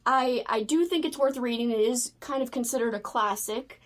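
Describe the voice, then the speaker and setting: Casual book vlogger, woman, higher voice, animated and gushing. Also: moderate pace. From United States. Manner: animated, gushing, frequent fillers. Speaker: book video creator. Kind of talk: casual chat.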